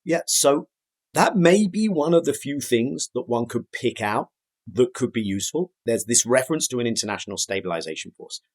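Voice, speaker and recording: Husky man with lively intonation. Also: mid-range voice, normal speed. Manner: reasoning aloud, lively emphasis. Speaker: guest former negotiator. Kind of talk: explanatory interview answers.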